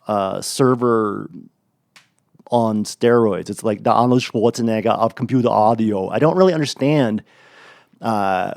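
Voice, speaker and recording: Male podcast co-host, gravelly, dry close mic, blunt and enthusiastic. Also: on the low side, darkish tone, no echo. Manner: blunt, enthusiastic, frequent fillers and restarts. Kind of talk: casual chat.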